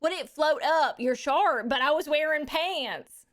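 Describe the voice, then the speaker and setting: A woman's voice: high-pitched, unhurried. A woman playing a brash, crude Texan woman trucker back from space, drawling and calling everyone baby, for a live stream. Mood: cheeky. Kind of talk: live-stream character bit.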